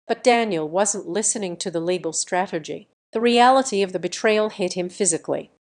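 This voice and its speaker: A woman reading a dramatic first-person family story as scripted narration, in a steady reading manner. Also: medium pitch, brisk, hardly any pauses.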